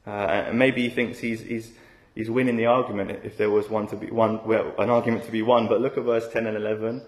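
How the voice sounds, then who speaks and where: A man's voice: fairly low pitch, reverberant. A man preaching an expository sermon in a conversational way, often tagging rhetorical questions onto his points.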